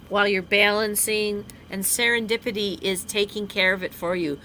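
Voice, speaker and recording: Bright-voiced woman reading cards. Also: medium pitch, slight background noise. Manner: slow, drawn-out emphasis on key phrases. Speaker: card reader co-host. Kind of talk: casual live card reading.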